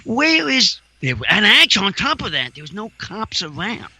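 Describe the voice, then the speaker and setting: A man's voice: sits high, very animated, brisk, bright, forceful tone, no echo. A man hosting a podcast, chatting casually and rambling, with many repeated "yeah"s and "right"s. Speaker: podcast host. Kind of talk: casual chat.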